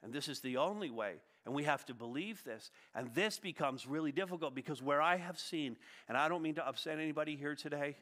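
A man preaching a sermon as a pastor, emphatic and earnest, moving between raised declarations and quieter passages. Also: fairly high pitch, brisk, few pauses. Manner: emphatic preaching, swinging from loud to hushed.

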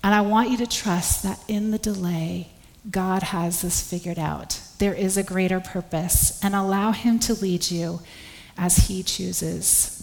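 A woman's voice: fairly low pitch, fairly even intonation, unhurried, gravelly, a little mellow. A woman giving a sermon, telling stories and acting out the voices of the people in them. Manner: storytelling, acts out quoted voices. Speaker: preacher. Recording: long hall reverb.

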